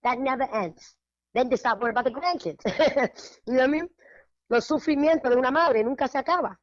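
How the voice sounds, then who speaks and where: A woman curating art shows, talking on a radio show in a lively, emphatic way, laughing often and dropping into Spanish phrases. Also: sits high, brisk, no echo, dull audio. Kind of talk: casual radio chat.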